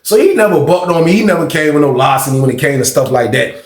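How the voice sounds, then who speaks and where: His voice sits on the high side, animated and quick, as he narrates a story in a relaxed, slangy way. He keeps adding "you know what I mean," and the room gives the recording a noticeable echo.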